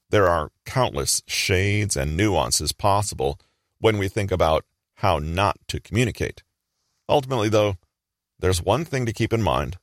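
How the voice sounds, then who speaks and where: Brief: low-pitched male narrator with an animated, varied delivery in a measured, explanatory tone. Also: no echo, studio quality. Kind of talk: scripted narration.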